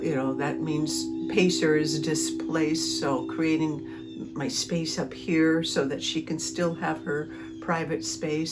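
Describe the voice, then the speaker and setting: Slow, chatty woman host. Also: deep voice. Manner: chatty, animated retelling with self-talk and laughter. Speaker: podcast host; homeowner and cat owner. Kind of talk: casual storytelling monologue.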